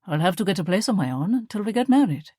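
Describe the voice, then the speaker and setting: A woman voicing a young German man who is charming on the surface but controlling, speaking smoothly with a sharp edge, recorded dry. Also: mid-range voice, sing-song, fast talker, no echo.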